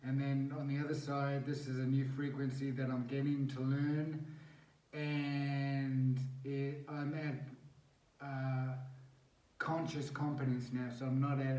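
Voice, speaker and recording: A man's voice: mid-range voice, mellow, distant mic. A man talking bluntly and candidly in a vlog, swearing heavily and rambling as he vents his frustration. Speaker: vlogger sharing brain injury recovery. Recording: roomy echo, voice a bit off-mic.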